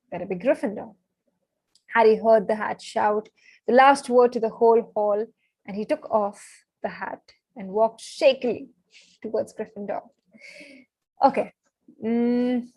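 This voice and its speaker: A young woman reads a novel to her stream audience. She is chatty and excitable and keeps breaking off with asides and apologies. Her voice is mid-pitched and the sound is close and dry. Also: no room sound, low-quality recording. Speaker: live-stream book reader. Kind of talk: reading a novel aloud on a live stream.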